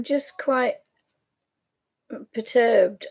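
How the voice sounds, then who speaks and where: A woman's voice: mid-range voice, measured pace, darkish tone. Yorkshire woman vlogger, chatty and rambling, mid-range voice, casual home chat. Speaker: craft vlogger.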